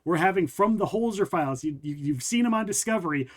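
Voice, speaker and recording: A man with a notably high voice hosts a livestream. He is upbeat and promotional, talking directly to his viewers. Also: lively intonation, fast talker. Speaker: podcast and stream host. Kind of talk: casual livestream chat.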